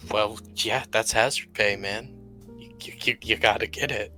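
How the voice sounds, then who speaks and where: Low, bright-voiced man playing a game character. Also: fairly even intonation, normal speed, soft background music. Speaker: tabletop game player. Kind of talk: casual in-character role-play.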